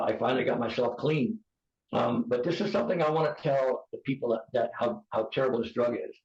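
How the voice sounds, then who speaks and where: A man's voice: medium pitch, darkish tone. A man from the United States in his fifties, a podcast guest giving an earnest, pleading personal testimony, often restarting his sentences. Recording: roomy, dull podcast audio.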